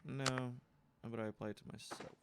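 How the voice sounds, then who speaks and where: A man's voice: mid-range voice, steady tone, a little fast. A man giving casual, jokey commentary while playing a game, talking back to it and reading out codes. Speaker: let's play gamer. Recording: loud background noise with clicks.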